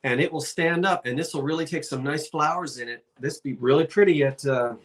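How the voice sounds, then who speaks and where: A man's voice: on the high side, fairly quick. A man with a Delaware Valley South Jersey accent, hosting a live online antiques sale in a chatty, joking, rambling salesman patter. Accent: Delaware Valley (South Jersey/Philadelphia). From South Jersey, USA.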